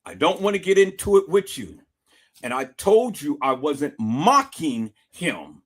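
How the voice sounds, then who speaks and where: A young man vlogging, telling a story casually to his viewers in an animated, emphatic, profanity-laced way, repeating phrases for effect. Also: a little high, measured pace.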